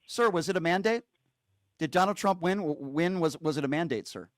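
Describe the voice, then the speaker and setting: A man's voice: on the high side, fairly quick, dry recording, clean studio sound. A man hosting a call-in show, combative and insulting, cutting callers off. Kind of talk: heated call-in debate.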